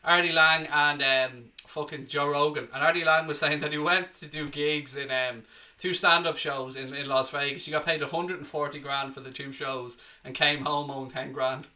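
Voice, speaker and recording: A man's voice: a little high, steady tone, normal speed, pushed and bright. An Irish man hosting a live football watchalong, chatting cheekily and reading out viewer comments. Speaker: host.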